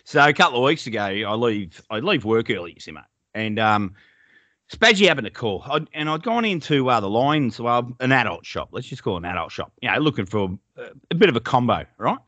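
A man's voice: mid-range voice, big pitch swings, fairly quick, sharp tone, dry recording, highs cut off. An Australian man in casual podcast chat who swears freely and tells rambling stories. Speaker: podcast co-host.

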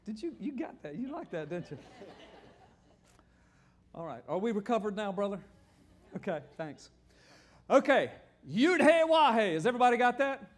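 Older man, pastor's sermon, high voice, lively and joking. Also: moderate pace, pauses often. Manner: animated, joking, asks the audience questions. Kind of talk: sermon teaching with slides.

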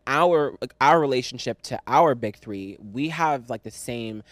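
A man's voice: medium pitch, unhurried, no room sound. Chatty, teasing man hosting, dry mic. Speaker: podcast host. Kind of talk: casual chat.

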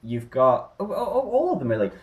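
A man in casual conversation, telling stories with enthusiasm and animated energy. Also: medium pitch, a little fast. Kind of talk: casual film chat.

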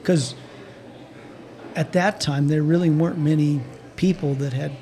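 A man's voice: a little high, steady tone, measured pace, dark tone. An older man, a team doctor, casually telling stories as a guest, rambling with restarts and chuckles. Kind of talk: casual storytelling.

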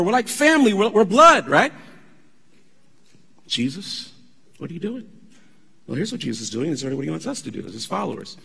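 A pastor delivering a sermon, emphatic and conversational, with asides to the congregation. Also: male voice, mid-range voice, gravelly, fairly bright tone, slightly rough, long reverb tail.

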